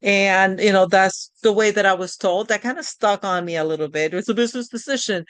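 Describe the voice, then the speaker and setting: A middle-aged woman with a medium-pitched voice leads a live online coaching workshop at a brisk pace, with no room sound audible. Her delivery is conversational and encouraging, though she often restarts her sentences.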